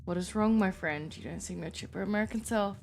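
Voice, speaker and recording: A woman's voice: medium pitch, fast, creaky, darkish tone, natural voice. Give me a woman playing a courteous German vampire man, formal and stiff. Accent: German, put on.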